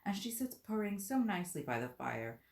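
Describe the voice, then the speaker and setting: Woman reader doing a prim, eager storybook girl, raised and lively. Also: medium pitch, normal speed, gravelly, pitched above the performer's own voice. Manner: eager, earnest, slightly prim. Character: polite chattering young girl Alice. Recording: roomy echo.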